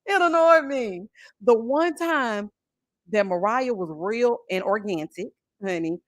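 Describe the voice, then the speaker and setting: A woman, chatting on a livestream about reality TV and reading viewer messages in a sassy, animated way. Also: fairly high pitch, dry recording, studio quality. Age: 40s. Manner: sassy, animated, calls viewers honey and child. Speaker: YouTube reality-TV reviewer. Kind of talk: casual livestream chat reading super chats.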